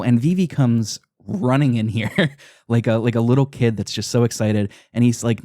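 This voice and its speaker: A man's voice: medium pitch, normal speed, dark tone, no room sound, clean studio sound. A man hosting a podcast, casually retelling a game's story, laughing often and swearing now and then. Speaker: podcast host.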